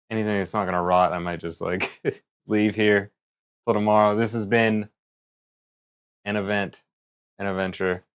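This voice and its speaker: A male streamer chatting casually on a live stream, rambling and thinking out loud. His voice is low and deep. It is smooth and resonant. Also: little pitch movement, unhurried, pauses often. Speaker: livestreamer.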